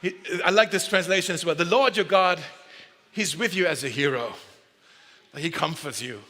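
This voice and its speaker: A man's voice: fairly high pitch, moderate pace, pushed and bright. A man preaching a sermon in a casual, joking way, often correcting himself mid-sentence. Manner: conversational and joking, with self-corrections. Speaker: pastor. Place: large church hall. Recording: long hall reverb.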